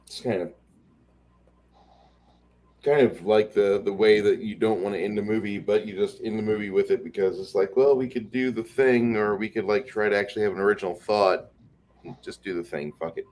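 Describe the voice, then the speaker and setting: Low-voiced man in loose chat. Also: steady tone, a little fast, darkish tone. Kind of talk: casual chat on a livestream.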